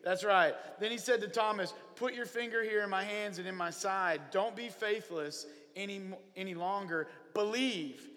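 A man from Oklahoma preaching a lively, humorous sermon to young people at a camp, telling stories with playful asides. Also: high voice, moderate pace, few pauses, in a large hall. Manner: animated storyteller, playful humor.

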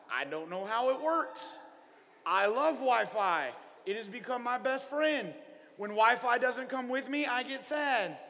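A man from Oklahoma preaching a lively, humorous sermon to young people at a camp, telling stories with playful asides. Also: extremely high pitch, long reverb tail. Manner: animated storyteller, playful humor.

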